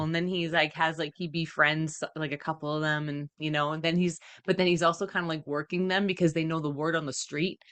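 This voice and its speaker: A woman's voice: low voice, fairly even intonation, brisk, few pauses, fairly bright tone, smooth. A woman co-hosting a podcast in casual chat, rambling and giggling as she guesses her way through a plot. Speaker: podcast co-host.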